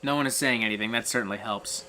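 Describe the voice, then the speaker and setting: A streamer hosting a casual live gameplay stream, swearing a lot, breaking into excitable rants and reading viewer chat aloud. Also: medium pitch, quick pace, faint music behind. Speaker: streamer host.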